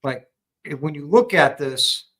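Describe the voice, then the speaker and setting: Slightly high-voiced American man storytelling. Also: animated, fairly bright tone, rough recording. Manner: measured, explanatory storyteller with many ums. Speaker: guest, military veteran. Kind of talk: casual storytelling conversation.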